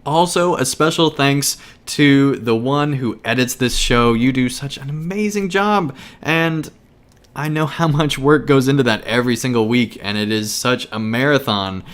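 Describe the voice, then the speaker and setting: A man's voice: mid-range voice, normal speed, a bit bright. A man giving a casual podcast thank-you message in an earnest, grateful way, with a few fillers.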